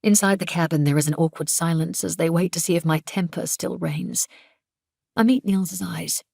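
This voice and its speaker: Woman reading an audiobook in first person, low gravelly voice, super dry close sound. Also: normal speed, a little mellow, dry recording. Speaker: audiobook narrator.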